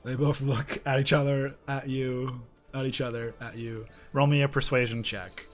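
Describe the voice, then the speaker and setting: A man's voice: medium pitch, flat delivery, moderate pace, soft background music. A man running a solo tabletop game as game master, loose and joking with frequent laughs.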